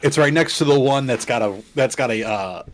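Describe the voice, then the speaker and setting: A man's voice: medium pitch, fairly quick. Easygoing man playing a tabletop game. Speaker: player. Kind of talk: casual chat at a tabletop game.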